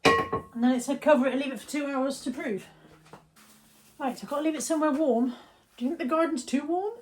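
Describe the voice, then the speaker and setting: A woman's voice: sits high, brisk, a little hiss or hum. A woman chatting casually to camera in her home kitchen, self-deprecating and often dropping to a near whisper. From England. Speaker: vlogger. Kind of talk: casual daily vlog chat.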